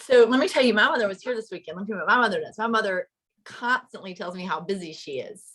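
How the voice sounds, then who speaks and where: A woman hosting a casual chat, a real estate agent, playful with lively quoted asides. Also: medium pitch, quick pace, husky.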